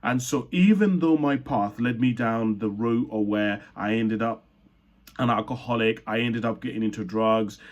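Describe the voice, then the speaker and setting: A man's voice: medium pitch, moderate pace, muffled recording. A young man born in Uganda telling a personal story in an earnest, reflective way, often stopping to correct himself mid-sentence. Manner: earnest, reflective, with frequent restarts and self-corrections. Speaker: speaker sharing his life story.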